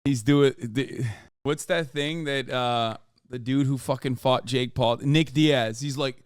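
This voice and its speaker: A man streaming his reaction to a video, excitable and rambling and swearing a lot. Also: mid-range voice, takes it slowly, smooth, no room sound, studio quality. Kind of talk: casual reaction commentary.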